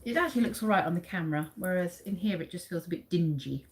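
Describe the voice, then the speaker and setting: A woman's voice: lowish voice, lively intonation, fast talker, slight background noise. A woman in her forties from England hosts a live quiz on her channel, chatting casually with viewers by name and reading out facts. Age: 40s. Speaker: livestream host. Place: dim room at home.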